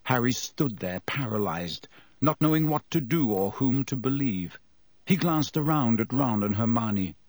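A man narrating an audiobook in a measured, expressive way. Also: mid-range voice, dry recording.

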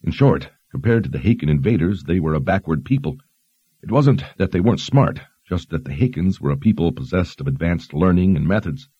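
A man voicing a learned young woman who explains history in a measured, explanatory way. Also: low-pitched, animated, husky, no room sound, lo-fi sound. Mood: explaining.

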